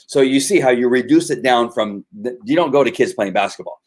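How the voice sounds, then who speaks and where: This middle-aged dog trainer speaks fast and expressively in a medium-pitched voice. Chatting casually about his training methods, he tells stories and keeps restarting himself.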